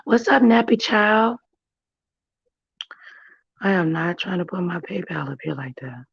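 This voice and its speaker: Hoarse lady streamer, slow husky drawl, dull dry sound. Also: lowish voice, lively intonation, no echo. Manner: chatty, greets viewers by name, drawling. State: hoarse, losing her voice. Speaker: livestream commentary host. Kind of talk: casual chat. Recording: dry, muffled stream audio.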